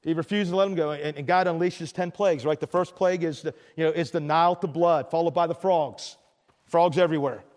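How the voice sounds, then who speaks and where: A man's voice: fairly high pitch, steady tone, fairly quick, a little mellow, long reverb tail. An older man preaching a storytelling sermon, often stammering and restarting. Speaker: pastor.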